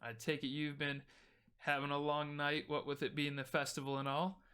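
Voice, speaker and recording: A man's voice: a little high, little pitch movement, moderate pace, sharp tone, clear, resonant tone. A man doing a folksy howdy-saying wagon driver. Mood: friendly. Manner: folksy, drawling, uses howdy and y'all.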